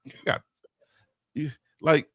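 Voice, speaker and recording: A man hosting a live stream, chatting casually about sports with lively, playful arguing. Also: takes it slowly, dry recording, studio quality.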